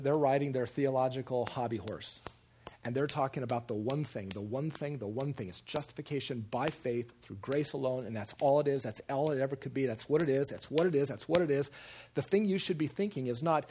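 A man preaching a sermon in an animated way, with repeated emphasis and acted-out quoted voices. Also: mid-range voice, husky. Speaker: preacher or teacher.

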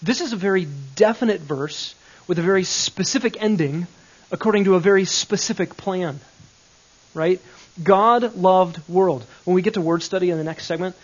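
A man's voice: high-pitched, fairly quick, lo-fi sound. A man teaching a Bible grammar lesson, explaining step by step and checking in with questions.

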